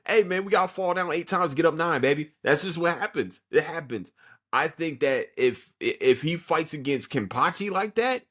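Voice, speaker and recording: Profane, excitable husky podcast host. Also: male voice, medium pitch. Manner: profane, excitable retelling with fillers. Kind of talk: casual anime review chat.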